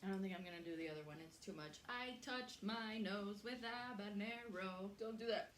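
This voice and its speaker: A young woman with a mid-range voice hosts a casual cooking vlog from her home kitchen, speaking at normal speed. She's chatty, swears freely, and laughs easily. There's roomy kitchen echo and a little hiss or hum.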